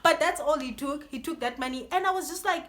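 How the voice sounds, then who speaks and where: A young woman telling a storytime vlog in an animated, chatty way, full of "like" and "yo". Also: sits high, a little fast. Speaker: vlogger.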